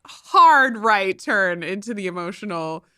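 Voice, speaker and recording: A woman's voice: mid-range voice, lively intonation, a little slow, sharp tone, clear, resonant tone, dry recording, studio quality. A woman hosting a podcast, a former teacher talking candidly and heartfelt, often laughing at herself. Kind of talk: candid monologue.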